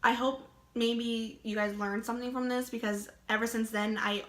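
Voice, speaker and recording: A woman's voice: on the high side, level tone, normal speed, fairly bright tone. A young woman telling a personal story in a casual vlog, chatty and full of "like", with laughing asides. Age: young adult. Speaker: vlogger. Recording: roomy echo.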